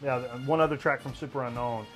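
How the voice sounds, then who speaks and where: A man's voice: mid-range voice, steady tone, fast. A man hosting a casual record-collecting chat show, rambling with lots of restarts, faint music behind him. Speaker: host.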